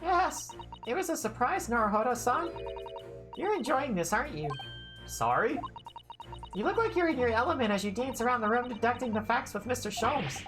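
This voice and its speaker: A man voicing a polite, gently teasing young female assistant from a video game, read over game music. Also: very high-pitched, expressive, moderate pace, pitched above the performer's own voice.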